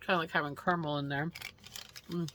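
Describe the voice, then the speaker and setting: Lady with a pretty low voice trying snacks on camera, chill chatty vlog, some background noise. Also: steady tone. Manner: chatty, unhurried, murmurs while chewing. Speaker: snack review vlogger. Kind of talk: casual snack taste-test commentary.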